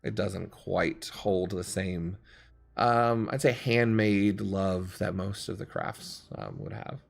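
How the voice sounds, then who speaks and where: A man narrating as game master in a tabletop game, relaxed and laid-back, with frequent ums. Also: sits low, slow pace, gravelly. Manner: relaxed, many ums, laughs easily.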